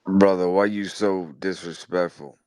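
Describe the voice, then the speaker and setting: A man's voice: deep voice, fairly even intonation, unhurried, a little mellow, clean tone, no room sound. A male caller from Detroit, challenging the host in a hesitant, mumbling way.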